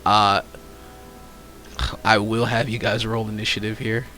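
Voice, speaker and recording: A man narrating as game master of a tabletop role-playing session, pausing often with fillers as he describes the scene. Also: on the low side, little pitch movement, pushed and bright. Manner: hesitant, lots of fillers.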